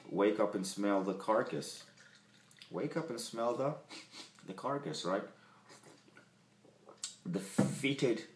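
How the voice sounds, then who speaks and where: Deep-voiced man rambling in a roomy room. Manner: profane, digressive, heavy fillers. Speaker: album reviewer. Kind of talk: rambling casual monologue. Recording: roomy home recording with faint background noise.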